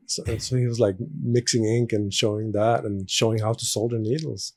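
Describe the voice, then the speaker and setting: A man's voice: lowish voice, steady tone, normal speed, darkish tone, husky. A man with a Swedish accent, a guest in a casual interview, who talks in an easygoing way and laughs often. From Sweden. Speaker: tattoo artist guest.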